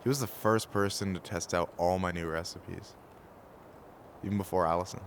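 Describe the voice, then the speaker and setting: Chill young game dude, really low voice, blunt and teasing. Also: male voice, steady tone, normal speed, slight background noise. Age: young adult. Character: easygoing young man, wry and loyal friend. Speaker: game character. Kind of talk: video game voice acting.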